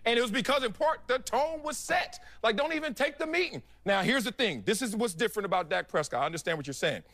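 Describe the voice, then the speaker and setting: A man's voice: extremely high pitch, fast, creaky. A man who is a former football player, analyzing on a sports talk show and telling stories from his own career. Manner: storytelling, animated, laughing asides.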